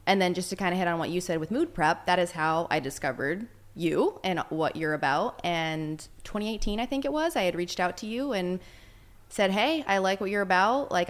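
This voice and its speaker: A woman from Minnesota, a nutrition and strength coach, talking as a guest in an easygoing, chatty way. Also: mid-range voice. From Minnesota, USA. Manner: easygoing, chatty, laughs readily. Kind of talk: casual interview chat. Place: indoor room, in person.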